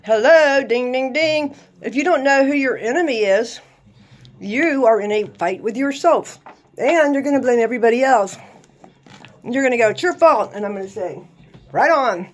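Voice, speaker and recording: A woman in her sixties with a slightly high voice, chatting casually to camera about faith. She jokes, laughs often and punctuates her points with little sound effects. She is blunt and swears now and then. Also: normal speed. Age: 60s. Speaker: vlogger. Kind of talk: casual faith-talk monologue.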